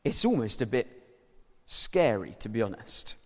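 A man preaching a sermon in a lively, conversational way, pointing to slides and props as he goes. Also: medium pitch, unhurried. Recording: long reverb of a church hall.

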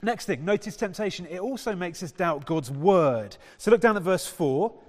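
Male preacher, slightly raised pitch, chatty sermon delivery that quizzes the room, long hall reverb. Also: lively intonation, normal speed. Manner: conversational, quizzes the congregation. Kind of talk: sermon with scripture reading.

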